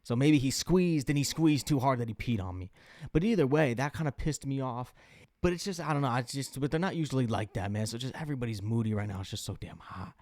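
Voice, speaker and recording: A man's voice: mid-range voice, fast, darkish tone, no room sound. Rambling, profane young man, dry sound. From US Midwest. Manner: rambling, profane, lots of fillers. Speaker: podcast host. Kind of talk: casual solo chat.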